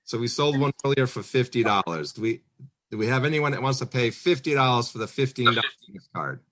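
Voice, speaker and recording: A man's voice: medium pitch, expressive, fairly bright tone. A man running a virtual fundraising auction, calling bids with friendly asides. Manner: brisk calls with friendly asides.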